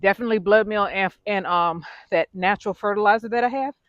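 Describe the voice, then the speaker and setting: A woman's voice: medium pitch, fast, fairly bright tone, no room sound, highs cut off. A woman vlogging casually while she works in her garden outdoors, chatty and self-deprecating, out of breath.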